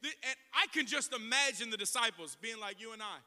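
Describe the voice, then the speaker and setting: A man preaching a sermon as pastor, telling the story with lively acted-out voices and building to shouted proclamations. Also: very high-pitched, fairly quick. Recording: echoey hall.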